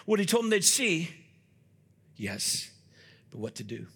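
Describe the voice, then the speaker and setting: Man, pastor, sermon, fervent, emphatic repetitions, high voice, husky edge. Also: big pitch swings, a little slow. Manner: fervent preaching with repetitions and rising emphatic shouts; acts out little scenes with quoted voices.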